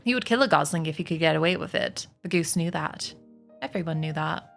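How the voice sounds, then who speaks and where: A woman with a deep, creaky voice speaks fairly quickly while streaming a book reading over soft background music. She narrates chapters and chats with viewers in a giggly, friendly way, like casual livestream storytelling.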